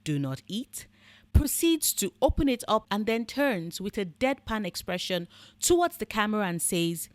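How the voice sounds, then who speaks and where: Woman, sardonic commentary host, blunt and profane, mid pitch, dry close-miked sound. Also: big pitch swings, normal speed, dry recording. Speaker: book and fandom commentator. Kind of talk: scripted commentary monologue.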